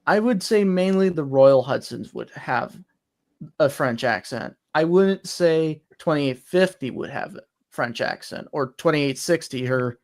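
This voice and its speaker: Man, casual chatter, eager explainer, slightly high voice. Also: lively intonation, unhurried, darkish tone. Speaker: voice actor. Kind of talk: casual chat.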